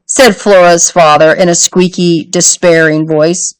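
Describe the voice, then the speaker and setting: A woman's voice: on the low side, steady tone, a little slow, hardly any pauses, clean tone, poor audio. A woman reading a children's novel aloud chapter by chapter, telling the story expressively and without hurry. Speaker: storybook reader.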